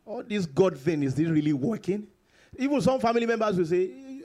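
A man preaching a sermon in church, reading scripture slowly and emphatically, swinging between loud exclamations and quiet, drawn-out lines. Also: sits high. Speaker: pastor.

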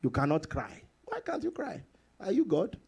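Animated male preacher, high lively voice. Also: normal speed, creaky, husky. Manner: animated preaching with sudden high bursts and laughs; repeats phrases for emphasis. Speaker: pastor. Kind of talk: sermon.

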